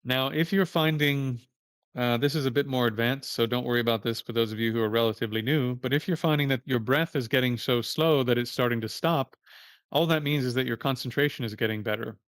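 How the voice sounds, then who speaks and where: Male meditation teacher on a livestream, mid-pitched, loose and plain-spoken, with an occasional curse, dry close sound. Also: fairly quick, fairly bright tone, dry recording. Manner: casual, plain-spoken, curses now and then.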